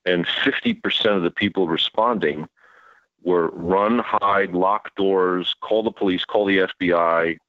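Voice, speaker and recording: Male author guest, low and emphatic, sarcastic edge, on a dull dry recording. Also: steady tone, a little slow, no room sound. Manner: emphatic, sarcastic rhetorical questions. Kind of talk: interview talk.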